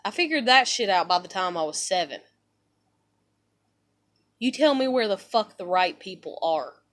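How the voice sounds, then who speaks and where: A woman's voice: medium pitch, very animated, moderate pace, a bit bright. A young woman from the United States ranting to camera in a profane, exasperated, emphatic way. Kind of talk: angry personal rant to camera.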